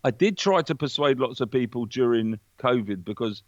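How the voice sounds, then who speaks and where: A man, a podcast guest in casual chat, talking in an animated, preachy way with plenty of swearing. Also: medium pitch, normal speed, no echo, dull audio.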